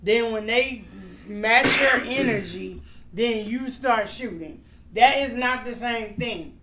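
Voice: mid-range voice, slow pace, pushed and bright. Firm speaker in a roomy recording. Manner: firm, explanatory, agreeing often. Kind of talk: casual chat. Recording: roomy echo, faint background noise.

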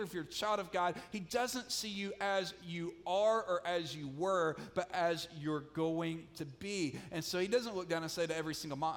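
A man preaching a sermon as pastor, emphatic and repetitive, often dropping to a quiet tone to press a point. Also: fairly high pitch. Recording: long hall reverb.

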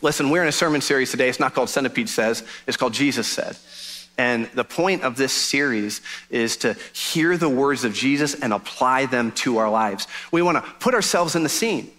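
A man preaching a sermon as pastor, telling a joke in an animated storytelling manner. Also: medium pitch, normal speed.

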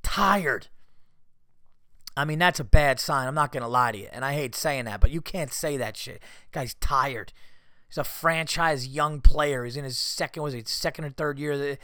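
A man's voice: medium pitch, moderate pace, sharp tone, clear, resonant tone, no room sound, clean studio sound. A man hosting a podcast and ranting in a casual, profane comedic monologue while fighting a cold. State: has a cold. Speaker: podcast host.

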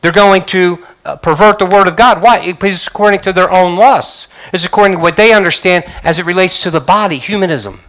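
Man preaching a sermon, fairly high voice. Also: a little fast, hardly any pauses, a bit bright, rough recording. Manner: preaching with scripture reading and call-and-response. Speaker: pastor.

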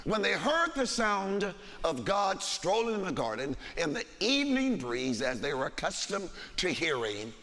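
A man's voice: high voice, sing-song, unhurried, few pauses, sharp tone. A man preaching a sermon, reading scripture aloud with dramatic emphasis in a church sanctuary. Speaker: pastor. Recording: long hall reverb.

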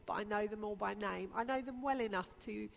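A woman's voice: medium pitch, a little fast, vocal fry. A woman pastor preaching a sermon with earnest, repetitive emphasis. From Britain. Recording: long reverb of a church hall.

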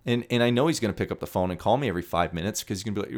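Low-voiced excitable male podcast host. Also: racing, few pauses. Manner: excitable and salesy, drops to mumbled asides. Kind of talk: energetic solo podcast monologue.

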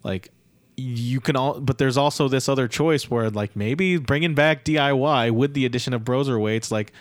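A man's voice: medium pitch, moderate pace, dry recording. A man co-hosting a podcast, rambling through his opinions on wrestling booking with many restarts. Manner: rambling, hedging, restarts a lot when he gives opinions. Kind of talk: casual opinion chat.

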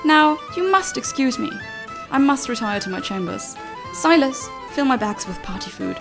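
A man's voice: extremely high pitch, big pitch swings, moderate pace, music in the background, pitched above the performer's own voice, exaggerated voice. A man voicing a gushing, flamboyant female chancellor of a dragon people with a put-on German accent, formal and theatrical.

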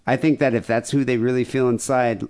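A man's voice: medium pitch, level tone, brisk, a little mellow, smooth. A man co-hosting a podcast, chatting casually and rambling a little, often repeating words and laughing. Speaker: podcast co-host. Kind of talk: casual chat.

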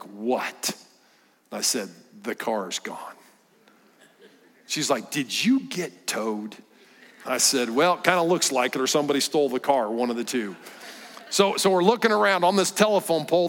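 A middle-aged man giving a sermon as a guest preacher, telling a story with lively delivery and dropping to hushed tones. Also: on the high side. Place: church sanctuary. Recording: church hall with long reverb.

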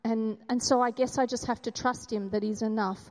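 A woman in her thirties tells a candid, self-deprecating story of motherhood, her voice pitched fairly high. She speaks in a church hall, and the long reverb trails after each phrase. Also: steady tone, brisk, darkish tone. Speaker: mother giving a testimony at a church gathering. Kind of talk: personal testimony talk.

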